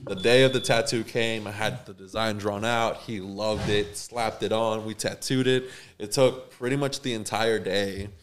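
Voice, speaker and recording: A man's voice: lowish voice, moderate pace, slight background noise. Young man telling a shop story. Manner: animated, acts out the people in his story. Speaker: tattoo artist, podcast co-host. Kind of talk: casual storytelling.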